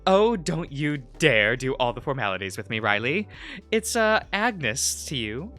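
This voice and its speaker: A man voicing a warm, doting middle-aged mother who fusses over her guests. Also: medium pitch, very animated, a little slow, faint music behind. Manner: fussing and motherly.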